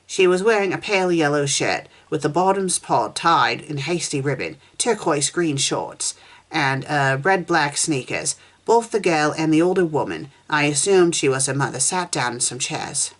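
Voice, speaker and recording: A woman reading a first-person fan story aloud at a steady pace, with small slips and restarts as she goes. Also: sits low, moderate pace. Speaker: fanfiction reviewer.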